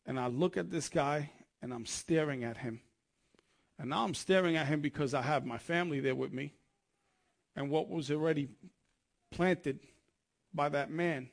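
A man's voice: a little high, normal speed, creaky, long pauses. A man preaching a sermon, telling his testimony in an earnest, conversational way and often restarting his sentences.

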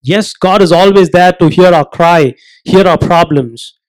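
This preacher's voice sits high, and the audio quality is poor. Earnest and emphatic, he asks rhetorical questions and slows his delivery whenever he wants a point to land.

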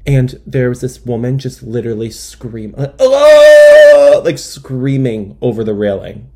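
A man's voice: medium pitch, fairly even intonation, normal speed, warm tone. A young man telling a comic monologue in a rambling, self-deprecating way with wry asides. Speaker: comedian. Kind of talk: stand-up style comic monologue.

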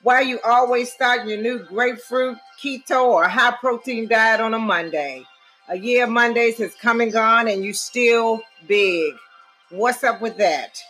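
A woman's voice: fairly high pitch, measured pace, a bit bright, faint music behind. A woman co-hosting a casual podcast, sassy and blunt, swearing freely as she rants. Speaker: podcast co-host.

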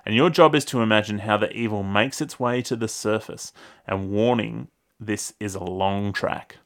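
A man's voice: lowish voice, normal speed. A man with an Australian accent co-hosting a podcast, chatting casually, laughing often and stumbling over words. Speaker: podcast co-host.

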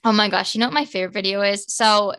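A woman in her twenties co-hosts a podcast, chatting casually and gushing in a quick, fan-girly way packed with "like" fillers. Her voice sits at medium pitch, smooth and a bit bright, with fairly even intonation.

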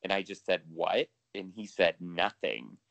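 A man's voice: sits low, lively intonation, a little slow, vocal fry, fairly bright tone, no room sound, dull audio. A man co-hosting a podcast in casual chat, talking freely with lots of swearing and laughter. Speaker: podcast co-host.

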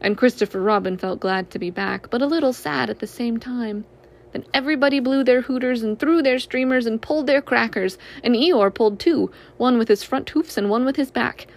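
A woman gently and expressively reading a children's storybook aloud. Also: fairly high pitch, fairly quick.

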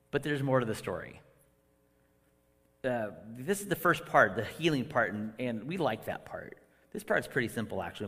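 Animated man preaching in a reverberant hall. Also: on the high side. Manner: animated, acts out quotes with sudden loud bursts and whispers. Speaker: guest preacher. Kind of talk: sermon.

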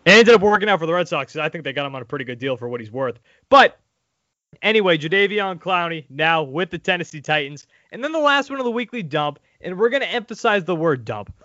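A man hosting a casual sports podcast, talking in an animated, crude way with laughing asides. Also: on the high side, fast, dry recording. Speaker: podcast host. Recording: dull lo-fi audio.

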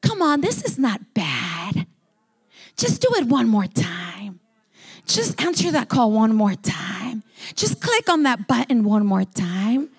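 A woman preacher voicing a sly, coaxing male serpent who tempts with slow, low, wheedling words. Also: big pitch swings, gravelly, slightly rough, full character voice.

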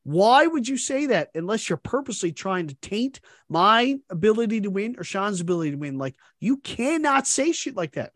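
A man hosting a casual podcast, swearing freely and slipping into other people's voices when he quotes them. His pitch swings widely as he gets worked up. The sound is dry and close. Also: moderate pace, few pauses, dry recording. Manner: animated, profane, acts out others' chat messages. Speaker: podcast host. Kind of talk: casual fantasy sports chat.

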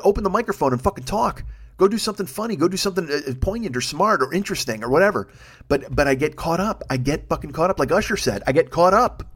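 Brief: man, 50s, solo podcast rant, profane, self-mocking, slightly high voice. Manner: rambling, self-deprecating, swears often, ranty. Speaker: podcast host. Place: home, recording late at night.

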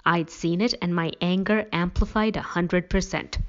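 A woman's voice: fairly low pitch, fairly even intonation, moderate pace, lo-fi sound. A woman reading a first-person story in a wry, dramatic storytelling manner.

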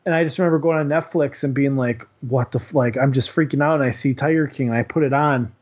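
A man's voice: medium pitch, quick pace, slightly rough. A man who works as a kindergarten teacher, telling a story in casual, rambling chat, swearing freely and filling his talk with "like". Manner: rambling, profane, heavy on "like". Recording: dull lo-fi recording.

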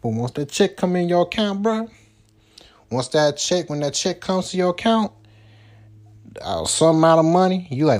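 A man's voice: fairly high pitch, big pitch swings, normal speed, pauses often. A man hosting his own solo podcast, talking loosely and rambling with lots of fillers like "you know" and "man". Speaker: podcast host. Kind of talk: solo casual podcast chat.

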